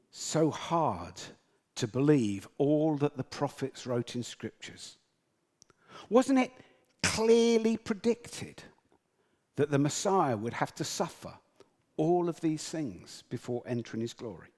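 Animated British man preaching. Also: fairly high pitch, takes it slowly, pauses often, long reverb tail. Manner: storytelling, animated, acts out quotes. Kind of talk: sermon.

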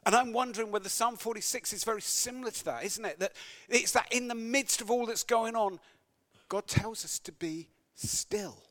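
A man's voice: high voice, normal speed, a bit bright. A man preaching a sermon, reading scripture aloud and breaking into conversational, wry asides and self-corrections.

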